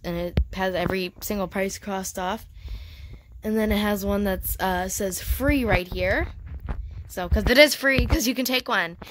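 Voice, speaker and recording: A young woman giving casual, excited commentary while playing a game, chatting and reading the game's dialogue aloud. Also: mid-range voice, noisy background. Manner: excited and chatty, laughs often. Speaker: gamer.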